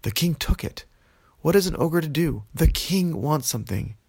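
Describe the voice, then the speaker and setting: A man voicing a quiet, weary male ogre in a storybook tale, sounding resigned. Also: a little high, lively intonation, normal speed, creaky, breathy edge, no echo, voice pushed up, exaggerated voice.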